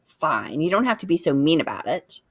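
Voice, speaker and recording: A woman's voice: low-pitched, big pitch swings, moderate pace, breathy edge, dry recording, studio quality, full character voice. A woman voicing a sulky young male bear who whines and growls.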